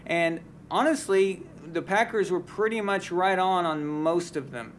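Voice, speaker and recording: A man's voice: sits high, unhurried, a little hiss or hum. A man hosting a casual live sports talk stream, giving blunt, heated opinions and often restarting his sentences. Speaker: sports talk show host.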